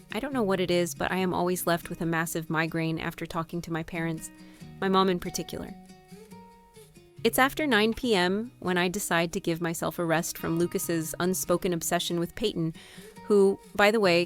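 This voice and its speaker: A woman reads her own novel aloud as an audiobook, in an expressive first-person voice. Her tone sits somewhat low, with faint guitar music underneath. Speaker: author and narrator. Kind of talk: audiobook narration.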